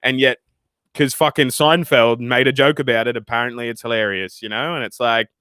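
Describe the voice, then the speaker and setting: This young Australian livestream host reads through chat, swearing a lot and rambling animatedly between comments. His mid-range voice is brisk, clear and resonant, recorded cleanly like a studio with no echo.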